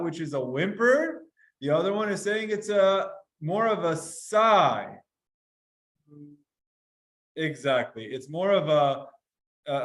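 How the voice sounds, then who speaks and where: Animated man teaching Talmud. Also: sits high. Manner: translates Hebrew lines and acts out sighs and whimpers. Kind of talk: lively classroom Gemara lesson.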